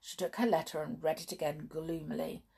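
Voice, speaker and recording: A woman reading a children's book aloud in measured storybook narration. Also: sits low, level tone, gravelly, darkish tone, slightly rough. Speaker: audiobook narrator.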